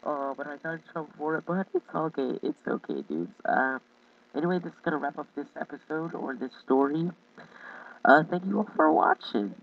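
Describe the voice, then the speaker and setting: A man telling a childhood story in a casual vlog, rambling, halting and often breaking into laughter. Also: fairly high pitch, animated, far from the mic, narrow, tinny audio. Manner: rambling, giggly, halting with many restarts. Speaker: YouTube storyteller.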